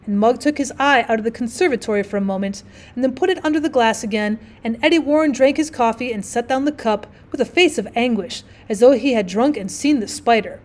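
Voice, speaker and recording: A woman narrates a classic short story in a measured, expressive reading voice, pitched a little high. She is a teacher reading to her class. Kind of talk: literary audiobook narration.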